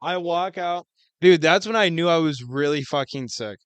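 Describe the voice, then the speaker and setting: A man's voice: a little high, normal speed, clear, resonant tone, dry recording. A young man co-hosting a podcast, telling a long story in casual chat, swearing a lot. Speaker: podcast co-host.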